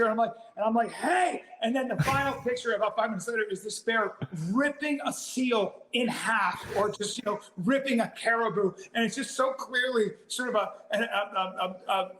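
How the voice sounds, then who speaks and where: High-voiced man telling a comic story. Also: reverberant, poor audio. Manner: acts out his own reactions with sudden loud exclamations; laughs through his story, frequent "like" fillers. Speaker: comedian guest. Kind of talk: animated anecdote telling.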